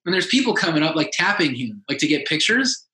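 Animated man in an echoey room. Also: on the high side, brisk. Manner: animated, acts out quotes in a raised voice. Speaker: podcast guest, musician. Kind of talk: casual storytelling.

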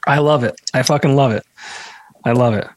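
A man hosting a podcast, reacting with amused laughs and quick questions in casual chat. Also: mid-range voice, no room sound. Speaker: podcast host.

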